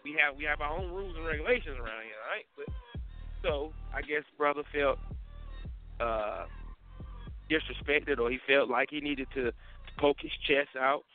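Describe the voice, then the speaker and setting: A man hosting a live morning web show, telling a story in a casual monologue, animated and full of slang, often asking "you feel me". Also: on the high side, moderate pace, pauses often. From Durham, North Carolina. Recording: tinny phone-like audio with faint music.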